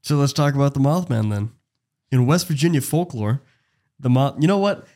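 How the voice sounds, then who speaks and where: A young man co-hosting a casual podcast, reading folklore aloud and joking around in an animated way. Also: mid-range voice, moderate pace. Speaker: podcast co-host.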